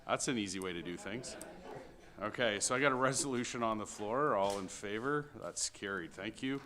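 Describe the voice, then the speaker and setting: Low bright-voiced man chairing a meeting. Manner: brisk procedural reading of motions. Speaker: committee chair.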